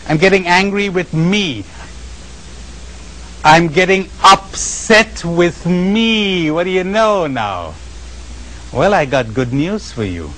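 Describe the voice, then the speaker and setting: A man giving a spiritual lecture to a live audience, animated and questioning, often asking the listeners questions and acting out the voices of the people he describes. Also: on the high side, takes it slowly, rough recording. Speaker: spiritual teacher.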